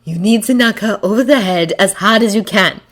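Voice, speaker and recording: A fanfiction reader voicing a cool-headed female spy who gives brisk instructions. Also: mid-range voice, a bit bright, pitched above the performer's own voice, close to an everyday voice.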